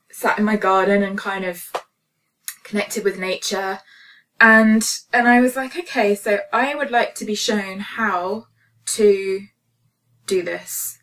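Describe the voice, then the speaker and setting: A woman's voice: mid-range voice, slow, pauses often, a bit bright, distant mic. A woman telling a personal story as a spiritual healing vlogger, earnest and emotional with many fillers. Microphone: phone camera.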